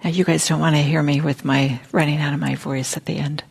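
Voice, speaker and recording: Woman, meditation teacher, dharma talk, soft and halting, near-whispered, gravelly, husky. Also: low-pitched, flat delivery. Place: meditation center.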